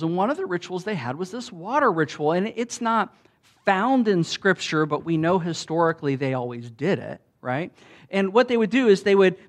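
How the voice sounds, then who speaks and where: A man preaching a sermon in a conversational way, with restarts, often rising loud when he quotes. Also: on the high side. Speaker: pastor.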